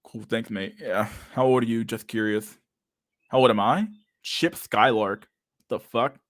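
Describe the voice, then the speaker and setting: A man's voice: medium pitch, measured pace, fairly bright tone, dry recording, clean studio sound. A man in his thirties hosting a casual live stream, reading viewer comments aloud in a loose, profane way and saying "dude" a lot. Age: 30s.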